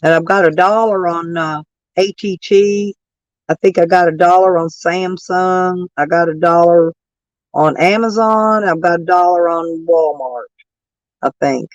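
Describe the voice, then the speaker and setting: An unhurried woman with a lowish voice runs a livestream, picking fights with her chat in a profane, brash rant. Allergies have worn her voice down, making it rough and deeper than usual. The audio is dry and lo-fi.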